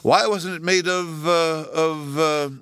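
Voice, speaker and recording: A man's voice: on the high side, steady tone, takes it slowly, fairly bright tone, clear, resonant tone, dry recording, clean studio sound, pitched above the performer's own voice. A man voicing a pompous, sulky emperor who grumbles and stammers indignantly. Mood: indignant grumbling. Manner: sulky, complaining, stammering with rage.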